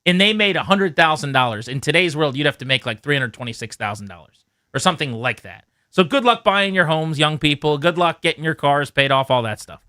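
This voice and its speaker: On a radio show, a male co-host launches into an animated, sarcastic rant, joking through casual chat. His voice is a little high and fairly quick, recorded dry and clean on a studio microphone.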